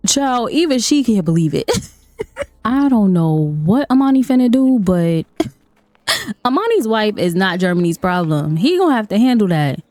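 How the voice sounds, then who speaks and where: A woman's voice: mid-range voice, sing-song, normal speed, darkish tone, no echo, soft background music. A woman hosting a life-sim let's play, chatting and laughing with her viewers as she plays. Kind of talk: casual gameplay commentary.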